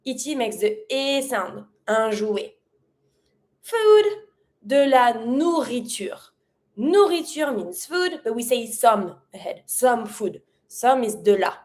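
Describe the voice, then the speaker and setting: A woman's voice: fairly high pitch, very animated, takes it slowly, a little mellow. A woman teaching a French lesson in English, a French speaker whose English phrasing is slightly off, drilling vocabulary word by word. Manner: clear drilled pronunciation, repeats words in pairs. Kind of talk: online language lesson.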